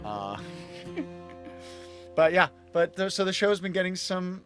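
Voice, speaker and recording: A man's voice: sits high, sing-song, slow, fairly bright tone, soft background music. A man hosting a casual live stream from home, rambling and chuckling as he chats with viewers. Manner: rambling, self-interrupting, chuckling asides. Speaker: livestream host and magician.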